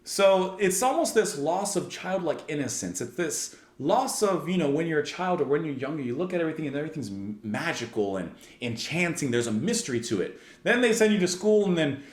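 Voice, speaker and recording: A man's voice: a little high, very animated, fairly quick, few pauses, roomy sound. A man hosting a music reaction channel, reviewing a song in casual, enthusiastic speech that rambles with lots of "like" and restarts.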